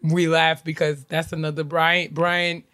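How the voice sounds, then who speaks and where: A woman co-hosting a podcast in casual chat, telling quick family stories with frequent laughter and playful apologies. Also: deep voice, level tone, fairly bright tone. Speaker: podcast co-host.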